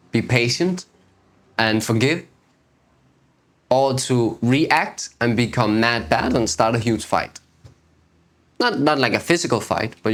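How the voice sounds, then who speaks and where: A man in a mid-range voice gives a reflective spiritual teaching talk as host of his own video series. He speaks in an unhurried way, circles back to repeat key phrases and asks rhetorical questions. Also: mid-range voice.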